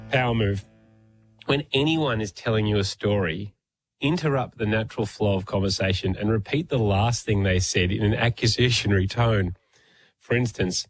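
A man in his thirties co-hosting a podcast, reading listener messages and telling stories with a chuckle. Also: on the low side. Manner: dry storytelling, chuckles at own jokes. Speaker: podcast co-host. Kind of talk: casual chat, reading listener emails.

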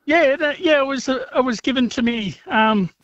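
A man calls in to a radio show and talks haltingly, stopping and restarting often. His voice comes through a dull, muffled phone line. The sound is dry. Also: very high voice, animated, a bit bright, dry recording. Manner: hesitant, halting. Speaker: caller. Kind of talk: radio call-in.

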